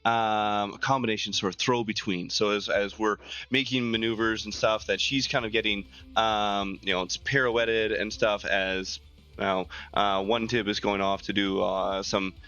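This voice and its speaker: A man's voice: on the low side, steady tone, moderate pace, pushed and bright, clean tone. A man playing a tabletop game, describing his character's actions in a rambling, filler-heavy way. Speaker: player.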